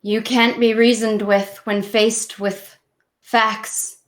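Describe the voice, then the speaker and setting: A determined young heroine stands her ground against her own sister, her voice lifted well above a normal pitch. A woman plays her in a tabletop game. She speaks slowly, pleading and defiant at once. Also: little pitch movement, roomy sound. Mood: reproachful.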